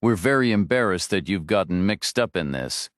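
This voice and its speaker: A man voicing an apologetic male motel worker who explains things smoothly. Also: deep voice, animated, moderate pace, no echo, clean studio sound.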